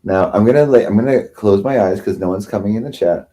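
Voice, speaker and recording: Man, lowish voice, sarcastic livestream rant, self-pitying, mocking. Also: quick pace, mellow. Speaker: livestream host.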